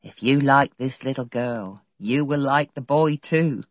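Kind, simple old housekeeper in a storybook, read by a woman: low voice, slow and husky. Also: dry recording. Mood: gentle. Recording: dull lo-fi audio.

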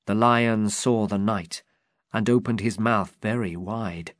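Male storybook narrator, measured, unhurried, dry close sound. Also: lowish voice, dry recording. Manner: slow, deliberate, even reading. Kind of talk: storybook reading.

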